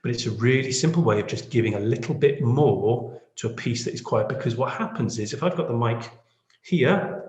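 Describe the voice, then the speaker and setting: A man's voice: mid-range voice, a little fast, darkish tone. Man, podcast tutor, self-deprecating, keeps asking "okay?"; roomy echo. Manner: chatty and self-deprecating, checks in with "okay?" and "yeah?". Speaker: podcast lead teaching audio editing. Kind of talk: screen-share editing tutorial. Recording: echoey room.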